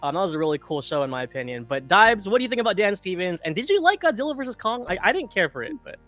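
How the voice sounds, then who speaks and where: A man's voice: sits high, very animated, very fast, fairly bright tone, faint music behind. A man hosting a casual news chat, often stammering on restarts, wry. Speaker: podcast host.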